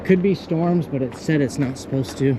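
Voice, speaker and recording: Out on a rural trail, a young thru-hiker vlogs into a handheld camera, rambling and delighting in little things. His voice sits at a fairly high pitch, he talks at a normal speed, and the background is noisy.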